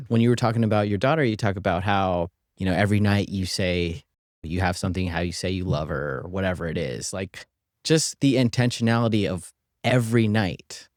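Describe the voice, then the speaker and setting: Low-voiced, affirming male podcast host. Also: brisk, no echo, studio quality. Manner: affirming and encouraging, reflecting back what he hears. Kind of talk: candid podcast conversation.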